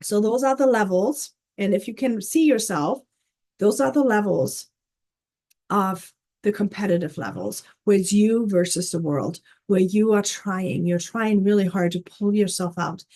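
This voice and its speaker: A woman's voice: medium pitch, a little slow, dark tone. A woman life coach teaching in an earnest, casual way, often checking in with "okay?" and "right?". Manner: earnest, repeats words, frequent "okay?" and "right?".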